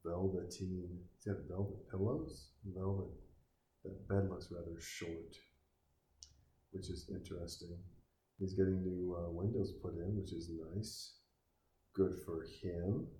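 A man's voice: low voice, slow, mellow, a little hiss or hum. A man giving crude, sarcastic comedic commentary while watching a film, swearing and mocking what he sees. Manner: profane, sarcastic, mocking asides to the screen. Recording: echoey room.

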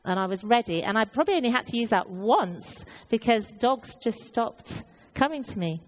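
A woman's voice: a little high, expressive, normal speed, rough recording. A woman preaching a sermon, telling a personal story in an earnest way with many fillers and restarts.

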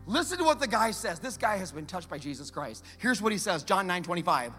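A man preaching a sermon as a pastor, telling the story in a lively, conversational way, swinging from loud urgency to hushed emphasis and putting rhetorical questions to the congregation. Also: high voice, a little fast, hardly any pauses, big-room sound, faint music behind.

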